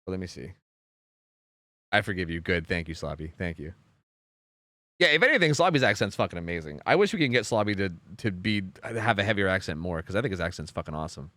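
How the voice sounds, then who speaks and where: A man's voice: deep voice, big pitch swings, quick pace, pushed and bright, no room sound. A young man streaming and chatting casually, rambling with lots of fillers and casual swearing. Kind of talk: casual chat on a game stream.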